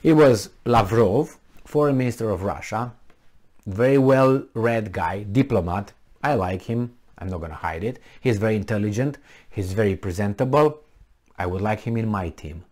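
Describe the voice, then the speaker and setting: A man's voice: medium pitch, darkish tone. A man vlogging in a casual, rambling way, sarcastic and mocking, a little tipsy from wine. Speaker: political vlogger.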